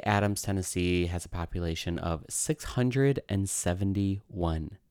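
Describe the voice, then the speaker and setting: A man's voice: low-pitched, clean tone, dry recording, studio quality. A man hosting a paranormal true crime podcast, telling the story in a chatty way and wandering off into tangents. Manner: chatty, tangent-prone, self-amused. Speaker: podcast host. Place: lives in New York City.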